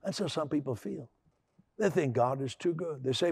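A man's voice: a little high, expressive, fairly quick, gravelly, darkish tone, breathy edge, dry recording, studio quality. A man preaching a sermon, stammering through repeated restarts and building to emphatic, raised passages. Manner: repetitive stammering restarts, rising to emphatic outbursts. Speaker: pastor.

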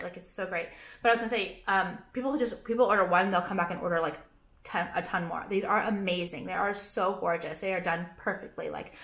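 A young woman rattles through a casual haul vlog in a bright, forceful voice, swearing freely and piling on filler words. Her brash, rambling chatter bounces around an echoey room. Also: medium pitch. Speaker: vlogger and small business owner.

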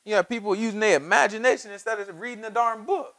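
High-pitched fiery preacher man. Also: fast talker, sharp tone. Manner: preachy, repetitive, street-casual slang. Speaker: Bible teacher. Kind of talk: fiery sermon.

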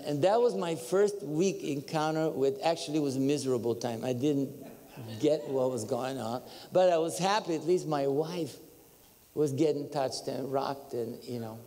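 Male preacher, excitable storyteller with sudden high whoops, slightly raised voice, reverberant sanctuary sound. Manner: animated, excitable, breaks into high whoops and laughter. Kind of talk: storytelling sermon. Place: church sanctuary.

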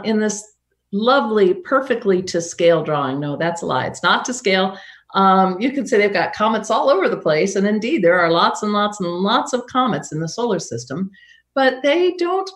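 A woman presents a live science show remotely from her home, talking through a video call at a middle pitch. She keeps a loose, chatty flow and pokes fun at her own jokes as she goes. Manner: chatty with wry self-mocking jokes.

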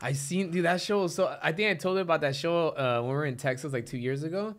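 A man co-hosting a podcast in casual chat, laughing loudly and swearing casually. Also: on the high side, fast talker. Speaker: podcast co-host.

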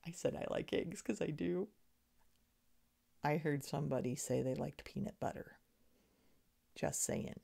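A woman's voice: low voice, lively intonation, unhurried, creaky, pauses often, warm tone, slight background noise. A woman teaching an elementary music lesson to young children, encouraging them and chanting rhythm syllables. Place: screen in front of her.

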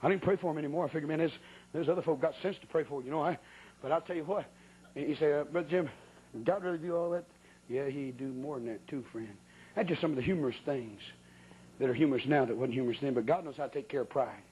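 A man's voice: mid-range voice, quick pace, dark tone, a little hiss or hum, poor audio. A man preaching a sermon who tells a funny story about his own misfortunes in a folksy, colloquial way with sudden exclamations.

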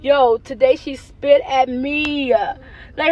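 A high-pitched American woman in her thirties talks into a phone camera from her car, venting about her kids. She is blunt and exasperated and curses freely, as in a candid car chat. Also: a little slow, fairly bright tone, no echo, lo-fi sound. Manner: blunt, exasperated, frank with cursing. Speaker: mother vlogger. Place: parked car, then driving home.

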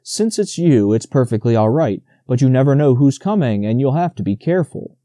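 A man's voice: mid-range voice, expressive, a little fast, dark tone, dry recording, clean studio sound, lightly acted. A man voicing a small, nervous male grasshopper who speaks in a quivering, quavering way in a storybook reading.

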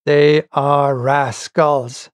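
A man's voice: fairly high pitch, flat delivery, very slow, smooth, no echo, studio quality. A man doing a blustering, angry harpooner. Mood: indignant. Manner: indignant, blustering. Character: angry hot-tempered male harpooner, adult.

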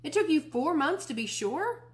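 A woman reading a children's book aloud, voicing an angry ten-year-old boy who shouts in a high, outraged voice. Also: sing-song, normal speed.

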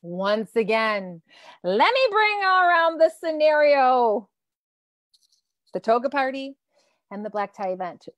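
A high-pitched woman in her thirties, teaching as a nutrition coach in an animated, loose way that drops swear words and reacts to comments. Her voice sits close and dry on the mic, with no room around it. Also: slow pace, long pauses, no room sound. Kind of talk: live-streamed coaching talk.

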